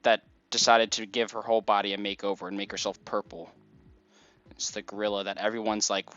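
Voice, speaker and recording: A man's voice: fairly low pitch, flat delivery, a little fast, a bit bright. Chatty guy rambling over a game, says like a lot, muffled mic, faint music behind. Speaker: let's play gamer. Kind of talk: casual gameplay commentary.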